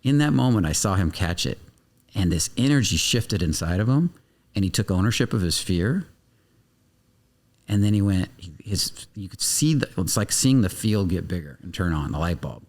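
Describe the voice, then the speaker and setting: A man's voice: low voice, lively intonation, moderate pace, a little mellow. A man speaking as a guest coach on a podcast, talking intensely, swearing freely and acting out little scenes of dialogue. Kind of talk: animated podcast interview talk.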